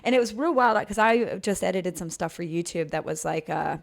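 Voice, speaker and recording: A woman co-hosting a podcast, telling stories excitedly in casual chat, laughing often and swearing. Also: fairly low pitch, brisk, creaky. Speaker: podcast co-host.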